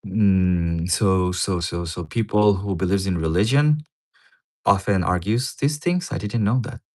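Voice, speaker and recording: Low-voiced man rambling on a livestream. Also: unhurried. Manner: rambling, repeats words, swears casually. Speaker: livestreamer reading a paper. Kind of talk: casual livestream commentary.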